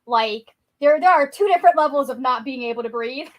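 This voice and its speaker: A woman co-hosting a livestream in animated casual chat, laughing a lot and reassuring the host. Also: high-pitched, brisk.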